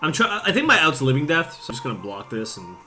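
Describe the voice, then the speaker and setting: A man chats casually on his gaming stream, slightly tipsy, and wanders through a story with plenty of "like" and "you know". His pitch swings widely. His tone stays bright and forward. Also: wildly swooping pitch, fast, soft background music. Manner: rambling, with many fillers, restarts and laughs. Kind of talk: casual storytelling chat while playing.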